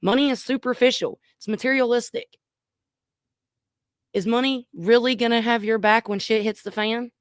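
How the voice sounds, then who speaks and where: A woman's voice: a little high, steady tone, normal speed, no room sound, studio quality. A woman giving reaction commentary in an earnest, emphatic way. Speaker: reaction video host.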